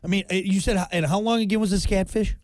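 A man's voice: high-pitched, fairly even intonation, quick pace, no echo. A man co-hosting a casual chat, agreeing along in easygoing banter. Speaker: co-host.

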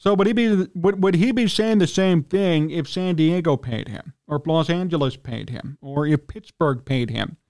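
A fired-up man with a Chicago accent hosting sports talk, his voice sitting fairly high for a man. He rants with indignation, his pitch leaping up whenever he gets worked up, and he keeps clearing his throat. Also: normal speed, hardly any pauses, a little mellow. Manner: indignant, ranting, pitch jumps when worked up. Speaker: sports talk radio host. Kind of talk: heated sports talk rant.

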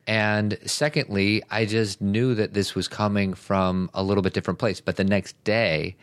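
A middle-aged man co-hosting a talk show, speaking calmly and reflectively about his marriage. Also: on the low side, moderate pace, clear, resonant tone, no echo. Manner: calm, agreeable, reflective. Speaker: podcast co-host. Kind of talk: casual chat about marriage.

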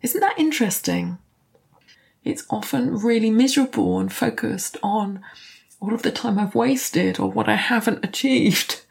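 Middle-aged woman, coach, candid reflective talk, gravelly fry in her voice, occasional swearing. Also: mid-range voice, unhurried.

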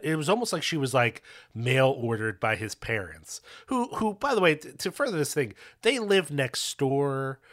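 A man co-hosting a film podcast, chatting casually and animatedly, swearing and talking in quick bursts. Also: mid-range voice, a bit bright. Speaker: podcast co-host. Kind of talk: casual chat.

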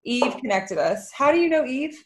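A woman hosting a podcast, chatting casually with quick interjections and easy laughter. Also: sits high, sing-song. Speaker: podcast host.

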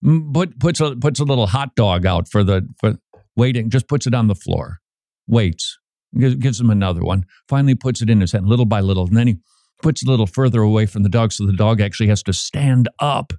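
A man hosting a radio talk show, preaching in a lively way and acting out quoted voices, often repeating his words. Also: lowish voice, fairly quick, dry recording, clean studio sound.

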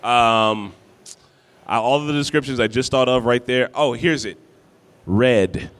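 A man's voice: mid-range voice, unhurried, fairly bright tone. Joking man co-hosting a con game. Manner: easygoing, joking, calls out to the crowd. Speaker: guest co-host. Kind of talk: live game hosting banter. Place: convention stage before a live audience.

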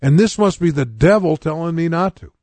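A man's voice: fairly high pitch, fairly quick, darkish tone, no room sound. A man in his sixties preaching, telling his own conversion story in a plain, earnest way and speaking straight to his listeners. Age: 60s. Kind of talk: personal testimony sermon.

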